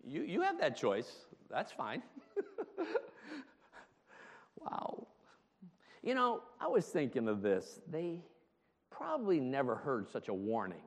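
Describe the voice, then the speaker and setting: A man's voice: medium pitch, wildly swooping pitch, takes it slowly, long pauses. A man preaching a sermon as pastor, emphatic and full of rhetorical questions, laughing often between points. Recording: long hall reverb.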